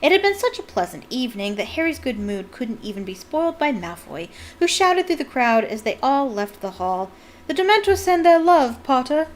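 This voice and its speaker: A woman's voice: a little high, sing-song, moderate pace, hardly any pauses. A young woman reading a book aloud as a fan, with chatty, jokey asides. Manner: chatty, jokey, laughs at the text. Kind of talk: casual read-aloud with commentary.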